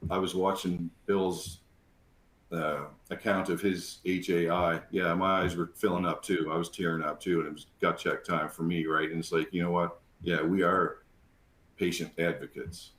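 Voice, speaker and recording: A man's voice: sits low, flat delivery, normal speed, fairly bright tone, reverberant, slight background noise. A man speaking as a panel guest, talking in a heartfelt way with many fillers. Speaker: panelist, program graduate. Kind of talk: casual panel talk.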